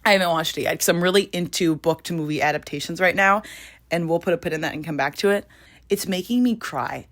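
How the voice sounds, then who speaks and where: A woman in her twenties chatting casually about books, full of fillers and sudden high excited bursts. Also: fast. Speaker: vlogger.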